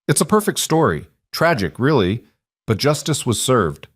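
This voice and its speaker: A man's voice: mid-range voice, very animated, normal speed, breathy edge, no echo, clean studio sound, pitched above the performer's own voice. A man voicing a cold, calculating male villain who runs a mine, speaking with menacing politeness.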